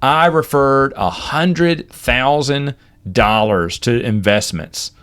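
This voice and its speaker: A man's voice: slow pace, smooth. A man in his forties casually telling stories from his life as a podcast host, acting out the people in them with big jumps in his voice. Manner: animated, acts out quoted people with big pitch jumps. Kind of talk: casual storytelling.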